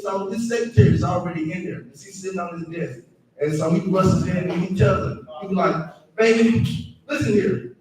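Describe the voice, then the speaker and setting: A man hosting a comedy show and doing crude, rambling stand-up, often talking to the crowd. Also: sits high. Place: comedy club stage. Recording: echoey club room picked up from a distance.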